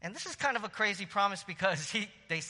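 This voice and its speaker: Animated man preaching in a hall. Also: high-pitched, fast. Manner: conversational, animated preaching with frequent "right?" asides and laughs. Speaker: pastor. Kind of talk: sermon.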